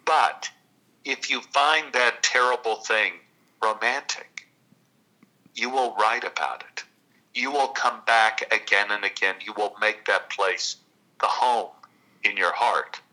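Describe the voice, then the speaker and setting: A man from Texas tells stories as an interview guest, slow and reflective with long pauses. His voice is strikingly bright and sharp. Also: on the low side, poor audio. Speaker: guest actor and storyteller.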